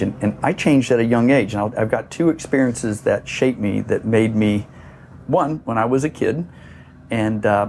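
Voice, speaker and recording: A man's voice: mid-range voice, darkish tone, a little hiss or hum. A middle-aged man from Florida, a surf shop owner, telling a long story in a casual podcast interview, rambling with many fillers. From Florida, USA. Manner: rambling, many "you know" fillers, acts out quoted voices.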